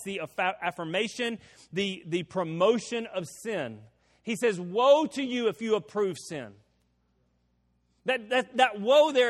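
A man preaching a sermon as pastor, his delivery swelling into sudden loud emphatic bursts. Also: high voice, in a large hall.

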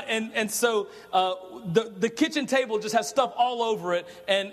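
A man with a high voice preaches through a long story, chatty and animated. He trips over his words and repeats them as he goes. His voice rings with the long reverb of a large hall. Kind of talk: storytelling sermon.

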